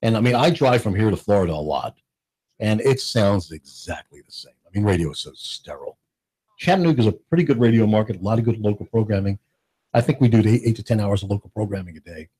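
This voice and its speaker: Casting note: middle-aged man, husky voice, lively pitch, animated and jokey studio chatter. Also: fast. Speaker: radio station owner, guest. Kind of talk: casual radio chat. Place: radio studio. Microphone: studio microphone.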